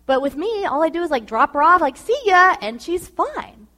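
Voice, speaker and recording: A steady young husband and father who speaks firmly and plainly and does not give way, put on by a woman. The voice sits fairly high. It stays level and sure of itself. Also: fast, big-room sound, exaggerated voice. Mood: explaining. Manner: matter-of-fact, firm.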